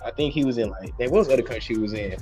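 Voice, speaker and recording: Early twenties man, mid-pitched voice, animated rambling podcast chat, home mic. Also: racing, faint music behind. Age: early 20s. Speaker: podcast co-host. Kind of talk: casual sports podcast chat. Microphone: home mic, remote call.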